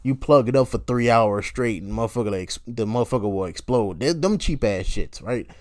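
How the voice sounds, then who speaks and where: Man, podcast host, casual rambling rant, profane, griping, laughs a lot, middle pitch, dry close mic. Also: expressive, brisk, darkish tone, no room sound. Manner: profane, complaining, laughs often, mocking voices.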